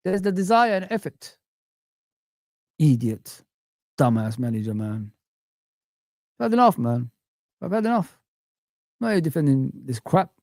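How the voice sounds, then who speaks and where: A man's voice: a little high, very animated, a little slow, pauses often, darkish tone, no room sound, clean studio sound. A young man hosting a fan livestream, ranting in an exasperated, repetitive way and swearing often. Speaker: fan channel livestream host. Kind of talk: casual livestream rant.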